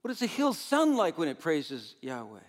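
Older guy pastor giving a sermon, gets loud then goes real soft, laughs a lot. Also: fairly high pitch, moderate pace. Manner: animated, swings between loud exclamations and soft asides.

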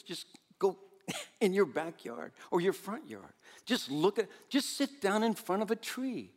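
An older pastor preaches a sermon in a medium-pitched voice, animated and swinging between loud exclamations and soft asides, laughing frequently.

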